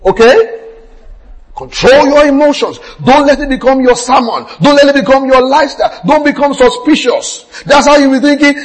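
A pastor preaching a sermon, telling stories with acted quotes and bursts of shouting. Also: male voice, extremely high pitch, lively intonation, normal speed, rough recording.

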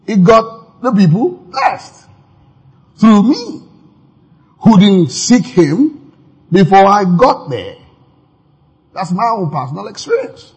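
A man's voice: sits high, breathy edge, poor audio. A man preaching a sermon in a conversational way, with laughing asides and many fillers.

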